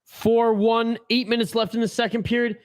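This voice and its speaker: A man's voice: very high-pitched, level tone, normal speed, smooth. A man hosting a live hockey watch-along stream, giving casual play-by-play and joking and swearing while reading chat aloud. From Canada.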